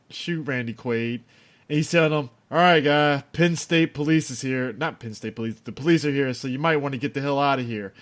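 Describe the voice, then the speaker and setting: A man co-hosting a casual movie podcast, making wry, emphatic points. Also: fairly high pitch. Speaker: podcast co-host.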